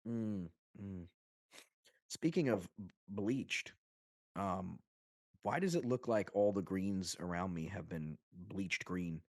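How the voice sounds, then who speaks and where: A man co-hosting a podcast from Long Island, New York, talking in a casual chat that is excitable and rambling, with casual swearing. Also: low voice, slow pace, no room sound, clean studio sound. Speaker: podcast co-host.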